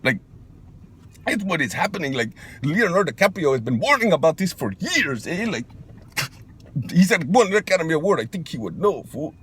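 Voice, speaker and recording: A man's voice: fairly high pitch, big pitch swings, normal speed, fairly bright tone, breathy edge, full character voice. A man playing a macho young street guy who gets defensive, talking in a slangy drawl and calling everyone fool. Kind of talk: comedy sketch monologue.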